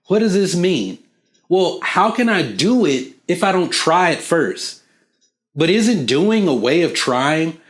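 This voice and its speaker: A man hosting a casual explainer video, talking straight to the viewer in an animated way and acting out small dialogues. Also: a little high, slow pace. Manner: animated, acts out little back-and-forth dialogues; asks the viewer questions. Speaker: video host.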